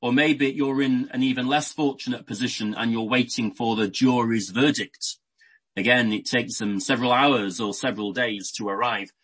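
A man's voice: mid-range voice, fairly even intonation, moderate pace, fairly bright tone, husky, low-quality recording. A man preaching a sermon, explaining a Bible passage in an unscripted way with everyday examples and frequent restarts.

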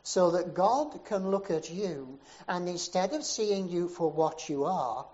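Preacher with a dark, muffled voice. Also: male voice, unhurried. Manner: rhythmic repetition, rising to emphatic peaks then dropping low. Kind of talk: sermon storytelling. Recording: dull, muffled sermon recording.

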